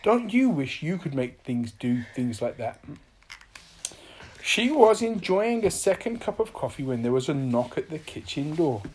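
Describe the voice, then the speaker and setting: A woman's voice: low-pitched, big pitch swings, a little slow, a little mellow, slight background noise. A woman reading a children's story aloud in a playful, sing-song way.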